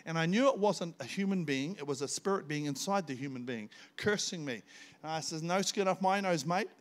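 Older kiwi guy preaching in church, tells stories, gets loud acting them out, slightly higher voice. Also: fairly quick. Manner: storytelling, animated, bursts into shouts when acting out scenes. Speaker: visiting pastor. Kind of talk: sermon.

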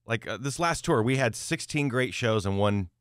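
A man's voice: mid-range voice, expressive, moderate pace, clear, resonant tone, dry recording, clean studio sound. A man hosting a casual chat, asking rambling questions. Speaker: podcast host and band member.

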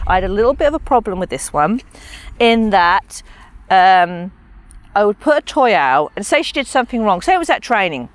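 Woman dog trainer chatting thru a demo outside, bouncy up and down voice, faint ambient hiss. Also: medium pitch. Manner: chatty, animated, talks to her dogs between explanations. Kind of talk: casual training demonstration.

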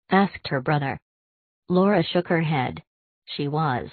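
Audiobook narrator, woman, measured and hushed; low voice, dry phone-line sound. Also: breathy edge, dry recording. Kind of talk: scripted narration.

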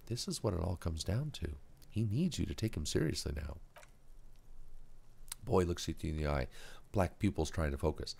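A man playing through a game, reading its dialogue aloud, his voice tired and hoarse. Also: low voice, lively intonation, moderate pace, long pauses, a little mellow. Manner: voices all characters, plain reading for narration. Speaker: game streamer.

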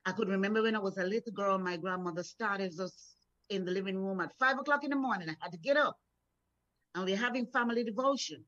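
A woman's voice: mid-range voice, fast talker, a bit bright. A middle-aged woman minister from Florida gives a morning devotional in an encouraging, storytelling way. She often repeats words as she builds momentum. The recording sounds dull and lo-fi. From Florida, USA. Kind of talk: devotional sermon.

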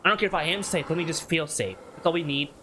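A man's voice: fairly high pitch, fast talker, pushed and bright, a little hiss or hum. A man giving nervous commentary while playing a horror game, muttering repeated worries and breaking into sudden yelps. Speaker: gaming YouTuber.

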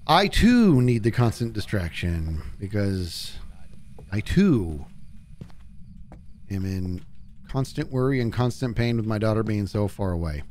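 A man's voice: fairly low pitch, darkish tone, a little hiss or hum. A middle-aged man streaming a game live, joking and teasing his teammates on a headset mic. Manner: playful and jokey, teasing teammates.

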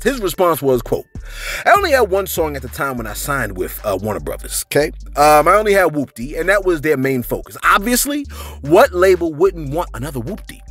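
A man hosting a celebrity news channel in casual commentary, reading viewer shout-outs and tagging sentences with "man" and "you know what I'm saying". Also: fairly high pitch, very animated, a little fast, husky, soft background music.

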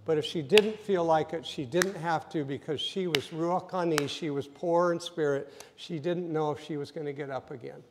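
A male pastor in a church sanctuary, delivering a sermon as a story. His voice sits fairly high, and he acts out the scenes and builds to loud emphasis. Long reverb rings through the big hall around him. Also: normal speed, hardly any pauses, a little hiss or hum.

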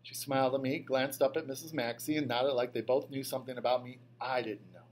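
A man reading an audiobook as a first-person storyteller, in scripted narration that turns lively on a child's outbursts. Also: medium pitch, brisk.

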